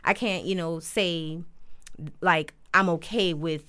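Smooth-voiced young woman telling stories. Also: lowish voice, slow pace. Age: young adult. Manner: animated storyteller, acts out quoted voices. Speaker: podcast host. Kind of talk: casual conversation.

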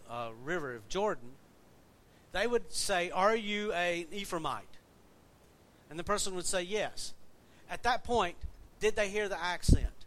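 Conversational man preaching a sermon. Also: sits high. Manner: conversational, asks the congregation questions. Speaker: pastor.

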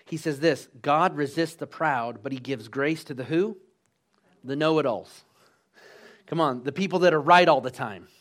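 Lively preaching man, higher voice. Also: moderate pace. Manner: lively preaching, calls to the congregation, laughs. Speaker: pastor. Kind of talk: sermon.

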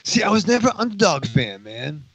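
A man's voice: fairly high pitch, big pitch swings, a little fast, fairly bright tone, no room sound. A man on a podcast, making wry jokes in casual banter. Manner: wry and joking.

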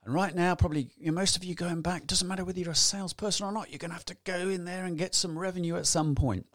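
Energetic chatty man, high voice. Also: fast, no room sound, clean studio sound. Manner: chatty, energetic, rhetorical questions, acts out examples. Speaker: business trainer. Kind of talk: motivational business talk.

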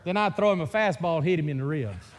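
A man's voice: a little high, animated, quick pace, slight background noise. A middle-aged man from Mississippi with a Mississippi Southern accent, preaching a sermon in a folksy, joking storytelling way. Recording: long reverb of a church hall.

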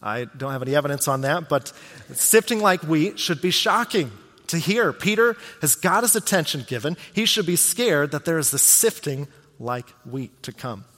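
Conversational preacher in an echoing hall. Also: male voice, on the high side, animated, normal speed, a bit bright. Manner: conversational, asks the congregation rhetorical questions. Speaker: pastor. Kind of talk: sermon.

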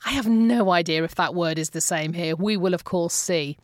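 An English woman hosting a podcast, telling stories in a chatty, amused and expressive way. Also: lowish voice, normal speed, no echo, clean studio sound. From England. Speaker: podcast host. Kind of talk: casual storytelling monologue.

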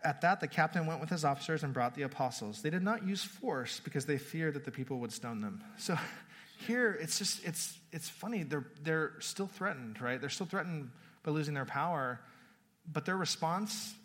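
A male pastor preaching a sermon in a relaxed, conversational way, often restarting words and laughing at the story. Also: on the high side, brisk. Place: church hall. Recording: long reverb of a church hall.

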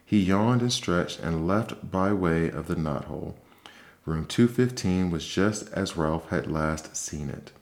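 A man with a low, deep voice reads a children's book aloud, soft and calm. It is a gentle ASMR bedtime story meant to help the listener fall asleep. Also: unhurried.

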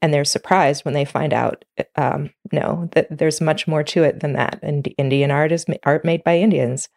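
Brief: woman interviewer, very low voice, calm and measured, close dry recording. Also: gravelly, no room sound. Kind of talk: interview questions and comments.

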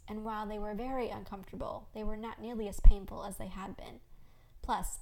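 Gentle woman host reading a story. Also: medium pitch, poor audio. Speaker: podcast host. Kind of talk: reading her own fiction aloud.

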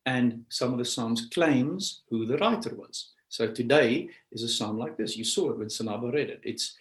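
Man, pastor, sermon, earnest, animated, echoey church room. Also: medium pitch, normal speed.

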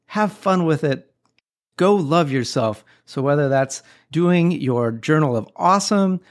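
A man hosting a podcast, talking casually and giving upbeat, encouraging self-help advice with a playful touch. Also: on the high side. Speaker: podcast host.

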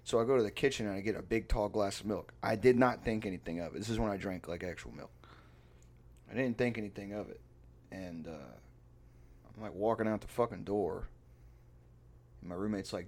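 A man co-hosting a casual podcast, telling a story with lots of swearing and getting loud when he acts out other people. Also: lowish voice, fairly quick. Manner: animated storyteller, swears freely, gets loud acting out others. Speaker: podcast co-host. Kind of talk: casual chat.

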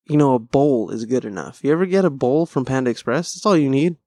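A man's voice: medium pitch, lively intonation, fast talker, mellow, no room sound, clean studio sound. Profane, rambling male podcast host. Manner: rambling, profane, self-deprecating. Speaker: podcast host and stand-up comic. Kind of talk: casual solo podcast chat.

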